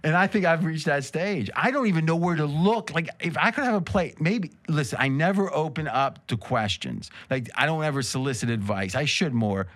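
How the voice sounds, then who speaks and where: A man's voice: fairly high pitch, animated, moderate pace, hardly any pauses, a bit bright, no echo. Name: dry-sounding rambling male host. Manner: rambling, joking storyteller. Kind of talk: casual chat.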